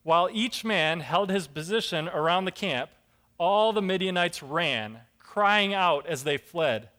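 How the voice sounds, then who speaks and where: A man preaching a sermon, telling a Bible story with lively acted-out voices and emphatic rises. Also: high voice, unhurried. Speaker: pastor.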